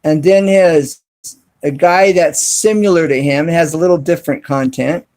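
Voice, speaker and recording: A man hosting a casual live stream from his cell phone, talking to viewers in the chat and spelling words out slowly and deliberately. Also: on the high side, a little mellow. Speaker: YouTube channel host live streaming.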